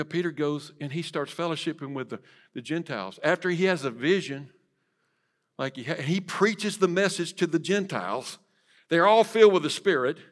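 A man preaching a sermon in church, swinging from loud to hushed and asking the congregation direct questions. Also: medium pitch. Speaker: pastor. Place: church sanctuary.

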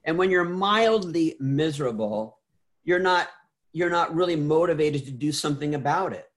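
Middle-aged male guest, earnest storyteller, a bit high-pitched, trips over repeats. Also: expressive, normal speed. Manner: earnest, repeats words, many restarts. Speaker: interview guest. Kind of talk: casual interview storytelling.

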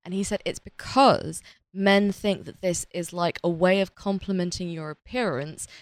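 A woman's voice: on the low side, steady tone, moderate pace, dry recording. A British woman co-hosting a podcast, chatting casually and laughing, with lots of "like" in her speech. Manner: chatty, laughing, many "like" fillers. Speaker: podcast co-host. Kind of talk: casual chat.

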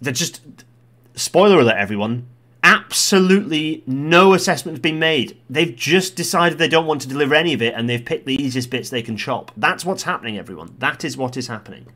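A man's voice: on the high side, lively intonation, a little fast. Exasperated man reading a report. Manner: exasperated, blunt, swears, bursts into loud rants. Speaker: commentator. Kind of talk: commentary on a policy report.

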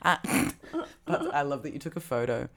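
Low-voiced woman, chatty and laughing. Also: wildly swooping pitch, a little slow, gravelly. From Australia. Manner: chatty, laughs often, says "like" a lot. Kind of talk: casual chat. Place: Berlin.

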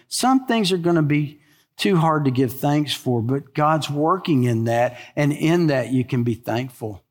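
An older man preaching a sermon in a folksy, animated way, full of stories and rhetorical questions. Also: on the high side, measured pace. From American South. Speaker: pastor.

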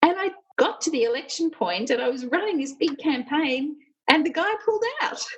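A woman's voice: sits high, animated, normal speed, poor audio. A middle-aged woman, a union leader and former nurse, telling personal stories candidly and with animation in an interview.

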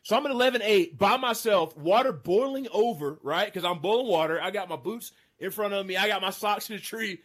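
Man in his thirties, casual storyteller, animated and excited, slightly high voice. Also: brisk, few pauses. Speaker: podcast host. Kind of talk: casual storytelling among friends.

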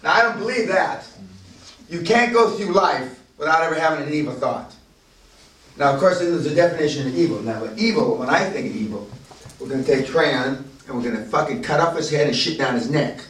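A man leading a business seminar, talking bluntly and profanely and building to loud, emphatic bursts. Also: on the high side, animated, brisk. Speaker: seminar leader. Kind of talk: profane motivational seminar talk. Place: castle seminar room. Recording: echoey room, voice from far off.

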